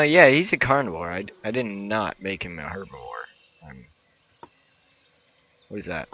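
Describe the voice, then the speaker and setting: A young man giving playful, rambling commentary while playing a game. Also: fairly low pitch. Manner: playful, rambling, bursts into loud shouts. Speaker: gameplay commentator. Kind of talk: casual gameplay commentary.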